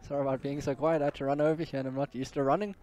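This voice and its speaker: A man giving quick, chatty color commentary at an outdoor match, out of breath. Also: medium pitch, fairly even intonation, a little mellow. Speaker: sports co-commentator. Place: outdoors at a sports field.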